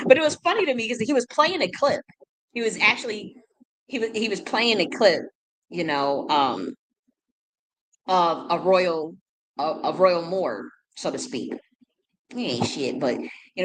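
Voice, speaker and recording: A woman's voice: on the low side, expressive, measured pace, pauses often, a bit bright, a little hiss or hum, rough recording. A woman from the United States hosting her own channel, talking in a loose, rambling monologue and laughing often between thoughts. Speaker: spiritual reader and channel host. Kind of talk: casual unscripted monologue.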